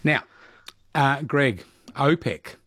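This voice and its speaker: A man hosting a live radio quiz, chatty and animated, laughing often. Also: medium pitch, extremely slow, slightly rough, no echo, clean studio sound. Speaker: radio host.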